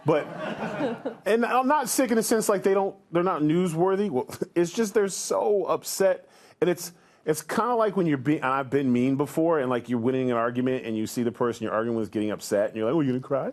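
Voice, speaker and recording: A man's voice: on the high side, brisk, noisy background. A man on a talk show panel, telling a mocking story and laughing as he goes.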